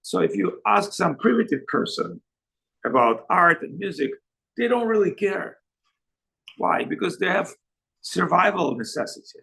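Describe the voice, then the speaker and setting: A man acting as a spiritual teacher, giving a talk over a video call. He tells joking anecdotes in halting, broken phrasing. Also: a little high, very animated, creaky, bright, forceful tone, husky, low-quality recording. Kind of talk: spiritual talk answering questions.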